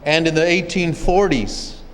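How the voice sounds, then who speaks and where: A man from an O'odham community in Arizona recounting his people's history as a speaker at a public forum, in a measured storytelling way. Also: on the high side, fairly bright tone, long reverb tail, slight background noise, poor audio. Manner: measured storytelling, occasional restarts. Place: legislative chamber at a state capitol.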